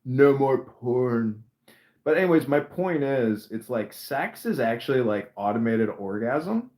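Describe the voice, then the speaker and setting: A man's voice: mid-range voice, big pitch swings, unhurried, a little mellow, reverberant. A man in casual talk, making mock proclamations. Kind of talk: casual chat.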